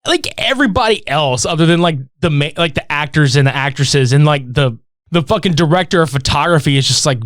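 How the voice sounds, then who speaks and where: Man, podcast co-host, lively swooping voice, slightly high, very dry close sound, swears a lot, acts out scenes. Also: a little fast, no room sound. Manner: animated storytelling, heavy swearing, acts out quotes. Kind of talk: casual chat, movie recap.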